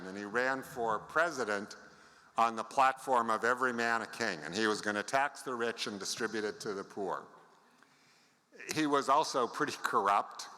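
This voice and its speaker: Older man with a bright voice telling stories in a big hall. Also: lowish voice. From United States. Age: 70s. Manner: storytelling with wry asides to the audience. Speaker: conference speaker. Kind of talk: anecdotal conference talk. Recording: long reverb of a large hall.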